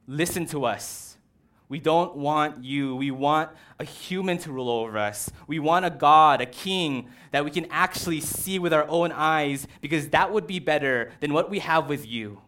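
The Israelites, impatient and whiny, loudly demand a king, as a male preacher puts them on. The voice is slightly high and pushy. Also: normal speed, natural voice.

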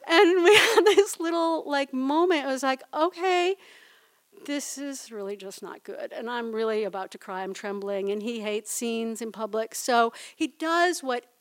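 A woman's voice: fairly high pitch, moderate pace, hardly any pauses. A woman telling a personal story at a live storytelling event, in a chatty, conversational way that keeps checking in with the audience.

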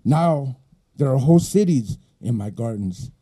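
A middle-aged man with an East Los Angeles Chicano accent, a poet at a live reading who speaks softly between poems and declaims his verse in strong rhythm. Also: mid-range voice, animated, breathy edge. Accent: East Los Angeles Chicano English. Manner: soft and halting when chatting, rising to forceful rhythmic declaiming in the poem.

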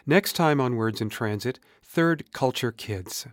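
A male podcast host reading a scripted outro in a measured announcer manner. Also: medium pitch, animated, no echo, clean studio sound. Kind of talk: scripted radio narration.

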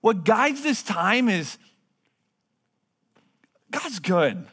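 A man in his thirties preaching a sermon in a church, earnest, moving between hushed and emphatic delivery. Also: high voice, sing-song, very slow, slightly rough. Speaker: pastor. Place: church sanctuary. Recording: long hall reverb.

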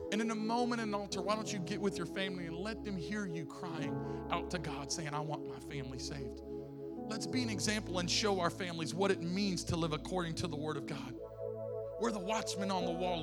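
A man preaching an impassioned sermon in a church, swinging between loud and soft. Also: fairly high pitch. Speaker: pastor. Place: church sanctuary. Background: music playing.

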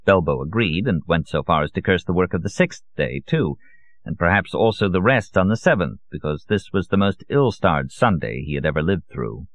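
A man reading a novel aloud as an audiobook narrator, in a measured, even way. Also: low voice, no room sound. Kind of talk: scripted narration. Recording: dull, lo-fi audio.

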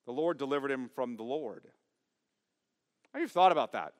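A man preaching a sermon as pastor, emphatic, asking his congregation questions and swinging from loud stress to quiet asides. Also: medium pitch, animated, moderate pace, pauses often, in a large hall. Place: church sanctuary.

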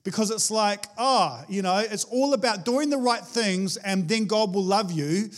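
A man with a high-pitched voice preaching in a relaxed, conversational way. He talks animatedly, like a chat with friends, often restarting his sentences mid-thought. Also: measured pace. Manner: animated, chatty, with many restarts. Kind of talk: casual conversational sermon.

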